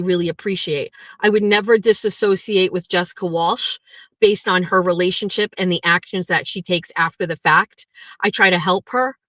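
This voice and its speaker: A woman's voice: mid-range voice, sharp tone, no echo. Blunt, foul-mouthed woman livestreamer. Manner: blunt and profane, ranting then chatty. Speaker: livestream host. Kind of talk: casual livestream chat reading viewer comments.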